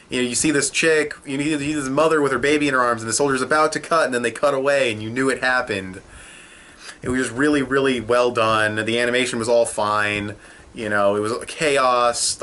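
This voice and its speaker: A young man hosts a casual video review in a bright, forceful voice. He rambles with plenty of fillers and swearing. He speaks at an everyday pitch. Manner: rambling and profane, with many fillers. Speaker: anime episode reviewer.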